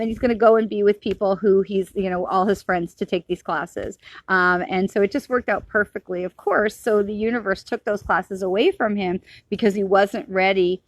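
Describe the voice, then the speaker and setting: A woman's voice: medium pitch, no echo. Middle-aged woman, psychic medium, rambling and reassuring, dry close sound. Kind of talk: casual spiritual talk to camera.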